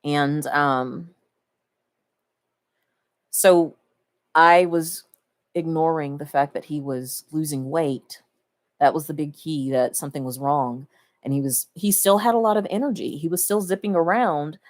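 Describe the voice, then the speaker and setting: A woman's voice: sits low, a little slow, pauses often. A woman talking casually to the camera, reflecting fondly and laughing between her thoughts. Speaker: vlogger.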